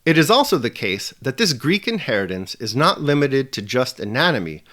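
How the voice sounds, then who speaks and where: A man presenting a scripted video lesson with a measured, emphatic delivery. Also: mid-range voice, very animated, pushed and bright. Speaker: teacher.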